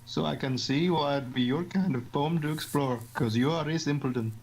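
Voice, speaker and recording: A Scottish man voicing a snarky teenage girl club president in a game, teasing and trading crude, deadpan insults. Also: on the high side, normal speed, rough recording. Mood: mocking.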